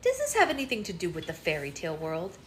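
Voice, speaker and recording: A woman's voice: fairly low pitch, huge pitch swings, quick pace. A woman reading aloud, voicing a stern older retired woman teacher who speaks with earnest wonder, in a roomy room with a faint hum.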